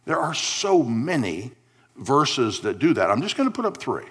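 Male pastor, sermon delivery, drawn-out emphasis, quiet asides. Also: mid-range voice, sing-song, slightly rough. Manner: emphatic preaching, stretches key words, drops to quiet asides.

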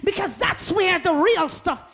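A woman preaching a sermon with fervor, calling out to the congregation and rising to shouts. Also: very high voice, measured pace. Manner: fervent, rising to shouts, laughs often; call-and-response with the congregation.

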